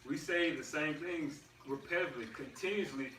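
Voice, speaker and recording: A man's voice: on the high side, a little fast, pushed and bright. A man talking earnestly and conversationally in a religious group discussion. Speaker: discussion participant. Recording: roomy and distant with faint noise.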